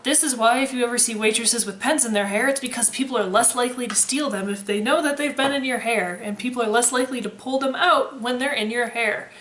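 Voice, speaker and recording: Young woman vlogger, bit high-voiced, sardonic and profane; recorded in an echoey room. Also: quick pace, hardly any pauses, fairly bright tone, a little hiss or hum. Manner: sarcastic, swears freely, dry humor. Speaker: vlogger, former waitress. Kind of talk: casual chat to camera. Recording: roomy echo.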